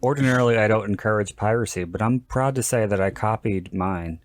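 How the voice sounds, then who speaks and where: A man's voice: fairly low pitch, a little fast. A man hosting a podcast in casual chat, rambling and joking, often stopping to restart his sentences. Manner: rambling, self-interrupting, jokey. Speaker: podcast host.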